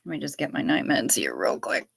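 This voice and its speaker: Lady streamer at home, lowish voice, bright and punchy tone, swears a lot, rambles. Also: sing-song, brisk, creaky, husky. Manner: profane, candid and rambling. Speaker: livestream host. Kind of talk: casual livestream chat.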